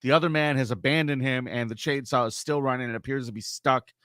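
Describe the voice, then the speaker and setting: A man's voice: medium pitch, fast, a bit bright, dry recording. A man co-hosting a casual livestream, reading viewer comments aloud and teasing his partner. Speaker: co-host.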